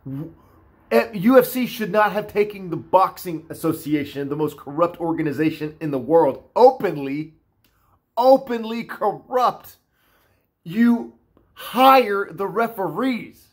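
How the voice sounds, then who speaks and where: A man with a fairly high voice rants casually to the camera. He is animated and salty-mouthed and hammers his points through repetition. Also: unhurried. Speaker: vlogger. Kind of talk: casual rant.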